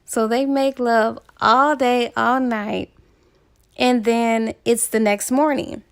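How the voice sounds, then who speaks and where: A woman's voice: a little high, steady tone, slow pace, creaky, clear, resonant tone. A woman casually retelling a romance novel's plot as a book reviewer, chatty and full of asides.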